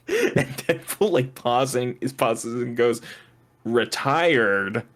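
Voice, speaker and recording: Guy on a podcast laughing a lot while he explains movie stuff, middle pitch. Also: sing-song, slow pace. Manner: giggly, explains movie trivia with frequent laughs. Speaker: podcast co-host. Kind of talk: casual movie chat.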